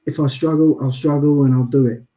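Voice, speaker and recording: A man telling stories as an interview guest, chatty and deadpan, often adding "I'll be honest with you.". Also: medium pitch, a little fast. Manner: self-described sarcastic and deadpan, frequent "I'll be honest with you"; chatty storyteller with many restarts. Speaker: guest, wheelchair athlete. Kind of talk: casual interview chat.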